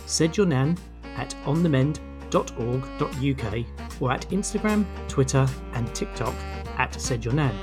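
A man's voice: mid-range voice, expressive, measured pace, music in the background. A man co-hosting a podcast, chatting casually and telling short jokes. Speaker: podcast co-host. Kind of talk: casual chat.

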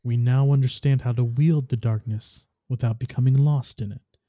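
A man reading the lines of a composed, authoritative woman leader who speaks with quiet authority. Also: mid-range voice, steady tone, moderate pace, no echo, clean studio sound, natural voice.

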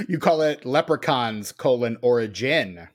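Slow and lively in intonation, a mid-range male voice co-hosts a podcast. He chats casually, joking and rambling with plenty of fillers.

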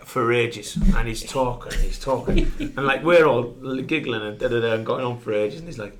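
At a moderate pace and in a mid-range voice, a former footballer guesting on a podcast shares a long dressing-room story. He curses and laughs repeatedly throughout the casual anecdote.

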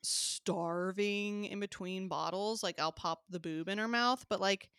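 With a smooth, slightly bright voice of medium pitch, a woman in her thirties from the American South co-hosts a podcast at an unhurried pace. She chats casually, laughs a lot and fills her talk with "like," in a dry, studio-quality recording.

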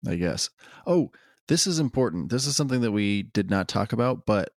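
Gravelly-voiced man, casual podcast chat. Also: lowish voice, sing-song, brisk, no room sound, clean studio sound. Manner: rambling, hedging, full of "like". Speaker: podcast co-host.

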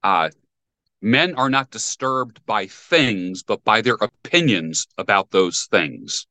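Bright-voiced, firm man as podcast guest. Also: lowish voice, expressive, takes it slowly, dry recording. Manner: firm, opinionated, explains principles. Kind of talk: casual podcast conversation.

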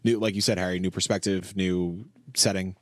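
A man's voice: sits low, little pitch movement, normal speed, dry recording, clean studio sound. A man co-hosting a casual podcast chat, laid-back but enthusiastic, with some swearing. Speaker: podcast co-host.

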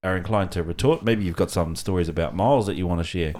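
A middle-aged man with a New Zealand accent hosting a casual podcast chat, relaxed and hesitant with many ums, laughing often. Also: low voice, fast. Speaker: podcast host.

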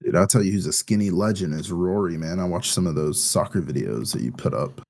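A man with a somewhat low voice co-hosts a casual podcast. He talks loosely, stringing thoughts together with lots of "like" and "um." An anxious undercurrent runs through the easygoing chat. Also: brisk, creaky, darkish tone. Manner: rambling, full of "like" and "um". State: anxious about his first baby. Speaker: podcast co-host.

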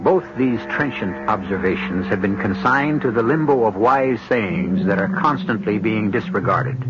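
A low, expressive voice of a middle-aged male host narrating with wry, measured theatricality. Music plays behind him, and the sound is dull and lo-fi, like an old radio broadcast.

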